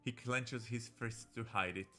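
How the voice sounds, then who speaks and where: A man's voice: medium pitch, steady tone, a little slow, bright, forceful tone. Playful, campy male game streamer. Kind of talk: casual gameplay commentary, reading game text aloud. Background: faint game music.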